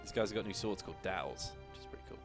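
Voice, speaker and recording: A man, co-hosting a livestream and commenting casually on his own strategy gameplay with excitable reactions. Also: deep voice, rapid-fire. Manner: excitable, reacts loudly to the game. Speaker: co-host playing a strategy game on a livestream. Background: game music.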